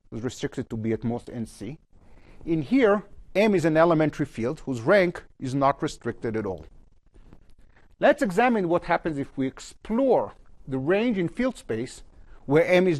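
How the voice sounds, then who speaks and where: A man giving a university physics lecture at a blackboard, his phrases often trailing off low at the end. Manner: lively pitch, trails off low at phrase ends. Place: lecture hall.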